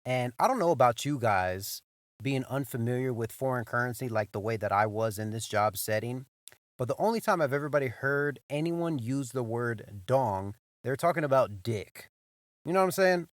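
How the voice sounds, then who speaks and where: Profane, animated young man telling a story. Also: mid-range voice, moderate pace, no echo. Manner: animated, profane, repeats himself, says "bro". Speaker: podcast host. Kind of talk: casual storytelling monologue.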